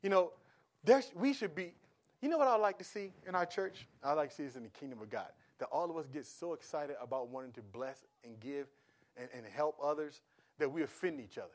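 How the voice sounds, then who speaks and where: A man preaching a sermon in a casual, animated way, swinging from soft asides to loud exclamations. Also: fairly high pitch, fairly quick. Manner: casual conversational with laughs. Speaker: pastor.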